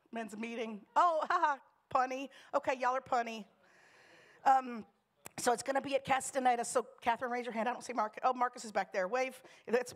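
A woman who leads a communion prayer and then gives church announcements in a chatty, upbeat way, laughing and restarting her sentences. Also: fairly high pitch. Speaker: church leader giving announcements.

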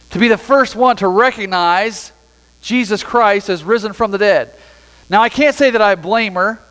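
High-voiced pastor preaching in a reverberant church. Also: male voice, fairly bright tone. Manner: reads scripture then explains it in a conversational way. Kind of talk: sermon. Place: church sanctuary.

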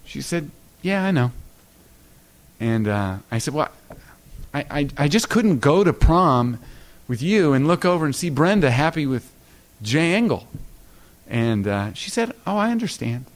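A middle-aged man giving a lecture, telling stories with lots of stammers and repeated words, and acting out other people's lines in a higher voice. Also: a little slow, long pauses. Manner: animated anecdotes, acting out other people's lines with a raised pitch. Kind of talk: storytelling lecture. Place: lecture hall.

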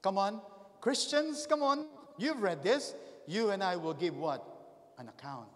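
A man preaches a sermon in a high, lively voice that leaps up and drops low. He keeps calling questions out to the congregation. The long reverb of a church hall trails after his words. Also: unhurried. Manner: animated, calls out to the congregation with questions. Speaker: pastor.

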